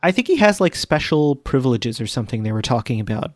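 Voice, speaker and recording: Deadpan joking man on a podcast. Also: medium pitch, fast, dry recording. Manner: dry deadpan jokes. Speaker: podcast co-host. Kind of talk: casual chat.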